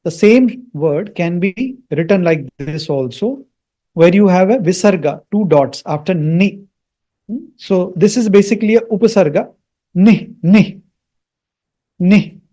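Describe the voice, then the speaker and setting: A man's voice: high voice, lively intonation, normal speed, warm tone. A man teaching the pronunciation and meaning of Sanskrit mantras, patiently repeating words and checking in with "Hmm?". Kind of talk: explaining and pronouncing mantras.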